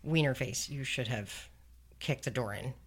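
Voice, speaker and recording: A woman's voice: rumbling low, unhurried, slightly rough. A woman hosting a true-crime podcast, talking through a case in casual, blunt chat and swearing freely. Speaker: podcast host.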